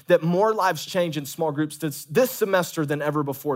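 Man preaching, pastor, lively, fairly high voice, calls for amens. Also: moderate pace, hardly any pauses. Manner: animated, calls for amens, acts out quoted voices. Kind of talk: sermon.

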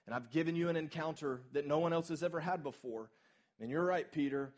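A man's voice: a little high, brisk, a little mellow. A male pastor preaching a sermon at a church service, talking in a conversational, emphatic way and putting questions straight to the congregation.

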